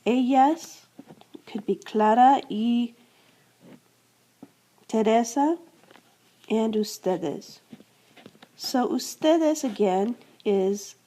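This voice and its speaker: A woman's voice: fairly high pitch, drawn-out words, pauses often, warm tone. A woman teaching a grammar lesson, explaining step by step, repeating verb endings and answering her own questions. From United States. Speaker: Spanish teacher. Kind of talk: classroom-style grammar lesson.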